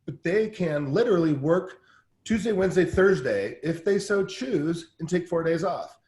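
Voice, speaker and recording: A man talking in a casual interview as a guest coach, telling energetic stories with lots of restarts. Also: on the high side, roomy sound. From Southern California. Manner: energetic, fast storytelling with many restarts. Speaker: guest team-building coach.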